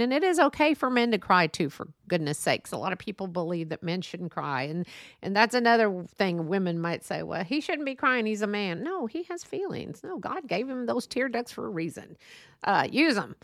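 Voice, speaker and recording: A woman's voice: medium pitch, sing-song, brisk, dry recording, studio quality. A middle-aged woman hosting a solo podcast, talking earnestly and rambling off on tangents, then apologizing and coming back. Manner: earnest, many fillers and restarts. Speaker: podcast host. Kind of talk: casual solo monologue.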